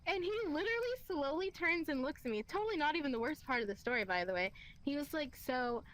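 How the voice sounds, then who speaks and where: High-voiced young woman telling a story. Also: fast talker, rough recording. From Kentucky, USA. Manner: animated, acts out quoted lines, laughs often, swears. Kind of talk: casual storytelling.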